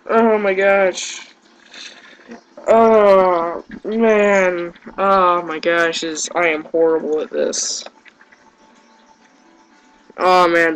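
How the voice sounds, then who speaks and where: A man's voice: high-pitched, a bit bright, poor audio. A man giving gameplay commentary, yelping in panic and groaning at his own mistakes. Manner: panicky yelps and self-deprecating groans. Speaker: let's play gamer.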